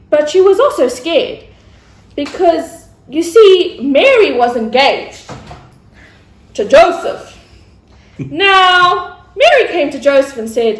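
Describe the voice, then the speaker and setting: A woman telling a story to children in a playful style, with chatty asides. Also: sits high. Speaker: children's church presenter. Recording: roomy echo.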